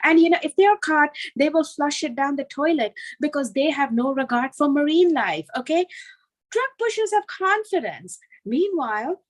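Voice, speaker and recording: A middle-aged woman doing a self-deprecating stand-up set, telling animated stories with lots of fillers. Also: sits high, normal speed, poor audio. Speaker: stand-up comedian.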